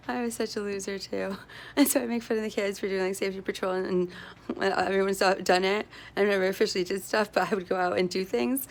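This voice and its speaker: A woman with a medium-pitched, steady voice talks briskly in a casual, meandering monologue. She keeps restarting and interrupting herself, often tags on "right?", and laughs easily between thoughts.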